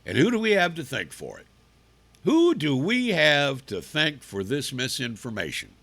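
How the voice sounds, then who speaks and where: A man's voice: a little high, huge pitch swings, moderate pace, a bit bright. A man hosting a live opinion talk show, combative and profane, asking rhetorical questions.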